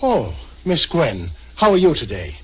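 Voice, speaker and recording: Daddy Pat, a husky, proud foster father. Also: a little high, huge pitch swings, measured pace, exaggerated voice. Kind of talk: 1940s radio acting. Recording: dull lo-fi old radio recording.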